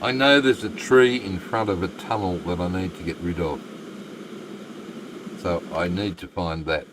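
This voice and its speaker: Deep-voiced rambling Australian man. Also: unhurried, noisy background. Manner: rambling, chatty, self-deprecating. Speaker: game streamer. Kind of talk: casual live-stream chat.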